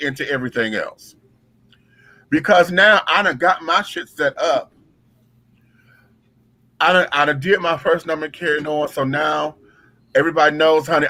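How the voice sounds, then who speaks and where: A man with a bright, forceful voice tells a backstage story with dramatic flair and a lot of profanity. He speaks with features. His pitch sits a little high for a man. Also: no echo, rough recording. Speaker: drag performer telling a story. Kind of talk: casual storytelling chat.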